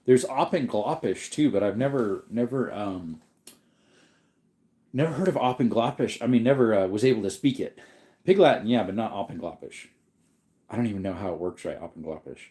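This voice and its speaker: Man, livestream host, casual chat, dark mellow tone, sleepy and yawning, reads comments aloud. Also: lowish voice, moderate pace. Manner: relaxed and rambling, reading comments aloud.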